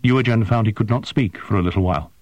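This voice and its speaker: A man narrating a science-fiction story in a measured, expressive way. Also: lowish voice, no room sound. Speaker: audiobook narrator. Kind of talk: scripted narration.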